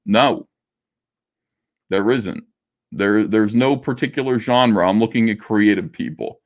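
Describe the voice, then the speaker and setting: A middle-aged man with a fairly low voice chats on a livestream, answering viewers in a loose, joking, self-deprecating way. His talk is full of fillers and restarts, and he drifts between asides. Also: a little slow. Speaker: livestream host reading super chats. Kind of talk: casual livestream chat.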